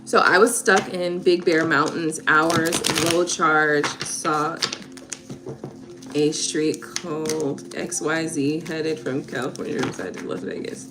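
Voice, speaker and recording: A woman reading tarot on a livestream, chatting casually and warmly with viewers, laughing and getting emotional. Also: deep voice, fairly even intonation, slow pace. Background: soft background music.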